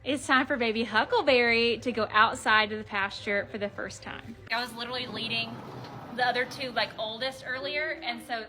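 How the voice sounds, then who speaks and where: A woman's voice: on the high side, normal speed, pushed and bright, faint music behind. A woman filming her foals in a barn, gushing at them in casual baby talk. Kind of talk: casual vlog talking to foals. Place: horse barn and arena.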